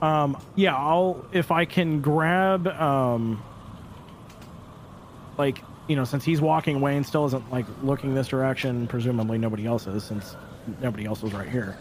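A man's voice: medium pitch, fairly even intonation, moderate pace, slight background noise. A man playing in a tabletop role-playing game, talking hesitantly with many fillers. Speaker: player. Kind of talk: casual tabletop play.

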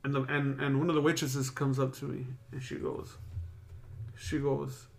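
A man's voice: medium pitch, level tone, moderate pace, vocal fry. A man telling a long story in casual podcast chat, rambling, slangy and full of swearing.

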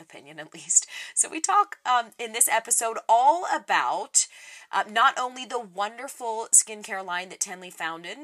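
Casual, rambling woman host in her thirties with a bright, sharp voice. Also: medium pitch, poor audio. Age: 30s. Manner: chatty, rambling, with fillers. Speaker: podcast host. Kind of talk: casual podcast intro and interview. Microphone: remote recording setup.

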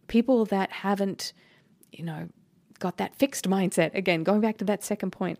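A woman's voice: mid-range voice, gravelly, mellow. An Australian woman in her thirties giving an earnest, encouraging motivational talk as a podcast host, laughing easily as she speaks. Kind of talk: motivational self-help talk. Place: rented holiday flat.

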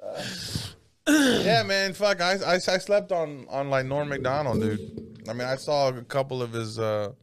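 A man's voice: medium pitch, unhurried, clear, resonant tone. A man in casual chat, swearing freely and laughing often. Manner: profane, laid-back, laughs often.

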